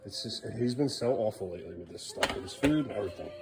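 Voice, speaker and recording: A man's voice: on the low side, expressive, quick pace, background noise. A man filming his family at home, talking in a sing-song voice to his kids and muttering weary asides. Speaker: parent vlogger. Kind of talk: casual family vlog.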